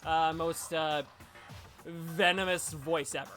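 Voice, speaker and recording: Guy on a stream, kinda high, bright voice, lots of uhs. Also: fairly even intonation, slow, soft background music. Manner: hesitant, filler-heavy. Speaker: player in a group reading. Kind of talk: casual chat on a livestream.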